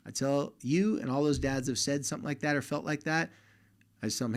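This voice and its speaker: A man with a fairly high, expressive voice speaks briskly as he hosts a podcast, addressing listening fathers directly. In a casual, conversational way, he offers advice on their relationships with their sons.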